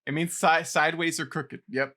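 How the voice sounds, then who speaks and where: A man's voice: on the high side, fairly even intonation, normal speed, pushed and bright. A young man co-hosting a podcast in casual chat, playful and teasing as he reads trivia aloud. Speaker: podcast co-host.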